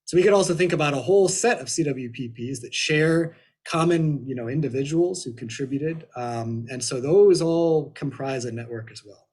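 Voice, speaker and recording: Slightly hoarse man presenting research. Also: fairly high pitch, normal speed, a little mellow. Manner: hesitant, many fillers and restarts. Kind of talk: webinar presentation. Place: at home in Ohio.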